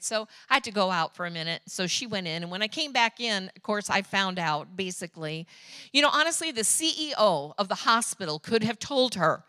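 A woman preaching a sermon as a pastor's wife, telling personal stories in an animated, chatty way. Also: mid-range voice, a little fast, no echo.

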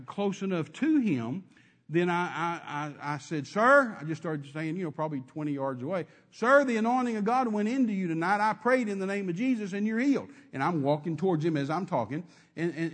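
Husky high-voiced preacher telling a story. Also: male voice. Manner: emphatic, repetitive storytelling with many restarts. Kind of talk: sermon testimony storytelling.

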